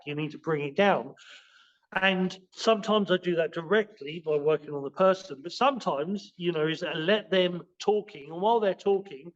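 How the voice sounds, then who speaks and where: Male martial arts teacher as a podcast guest; high voice, loose rambling delivery, muffled lo-fi recording. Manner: rambling, with many restarts and fillers. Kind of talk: casual spoken explanation in a podcast interview.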